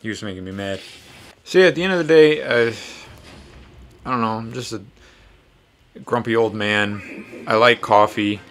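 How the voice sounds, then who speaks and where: Bright-voiced man chatting while gaming. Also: lowish voice, moderate pace, long pauses, a little hiss or hum. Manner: rambling, profane, self-deprecating. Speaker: podcast host and tattoo artist. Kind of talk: casual chat while playing a fighting game.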